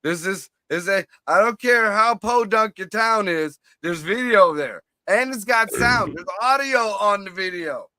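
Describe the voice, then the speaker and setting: A man co-hosting a podcast in casual chat, ranting profanely with halting restarts. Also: sits high, lively intonation, sharp tone, dry recording. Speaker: podcast co-host.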